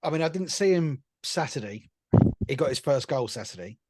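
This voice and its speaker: A man's voice: mid-range voice, expressive, moderate pace, darkish tone, no echo, clean studio sound. An easygoing, enthusiastic man from England, a guest on a casual sports podcast.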